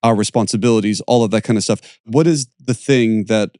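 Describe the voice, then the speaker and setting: A man's voice: on the low side, fairly quick, darkish tone, dry recording, studio quality. A man hosting a podcast, talking casually, searching for words and laughing often. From Pittsburgh area, USA. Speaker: podcast host and yoga teacher.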